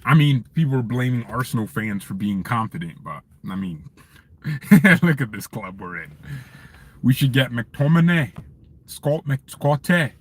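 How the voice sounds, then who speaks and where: A man's voice: mid-range voice, moderate pace, husky. Man ranting casually on a live stream. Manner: animated, joking, ranting. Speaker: fan channel host. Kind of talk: casual live-stream chat reading viewer messages.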